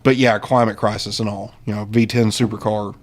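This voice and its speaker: A man's voice: on the low side, level tone, fairly quick, a little hiss or hum. A man co-hosting a casual political livestream, talking in a brash, profane, joking way. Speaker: podcast co-host.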